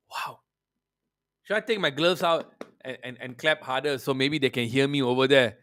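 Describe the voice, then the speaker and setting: A man's voice: medium pitch, moderate pace, fairly bright tone, no echo, studio quality. A man hosting a football podcast, delivering a profane, mocking rant. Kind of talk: ranting football commentary.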